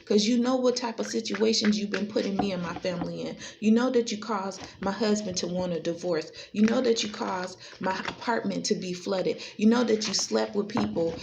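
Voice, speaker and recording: Woman tarot vlogger, gravelly and combative, a faint hiss behind her. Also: moderate pace, hardly any pauses. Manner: confrontational, repetitive, swings between high and low pitch. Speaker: tarot reader. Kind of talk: direct-to-camera tarot reading.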